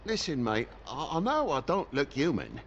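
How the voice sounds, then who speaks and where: Desperate English toad, video game, pleading, swearing, very lively pitch, dull lo-fi sound. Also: male voice, normal speed, crowd noise. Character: down-on-his-luck male toad in a tenement, pleading. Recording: dull, lo-fi game audio with faint ambience.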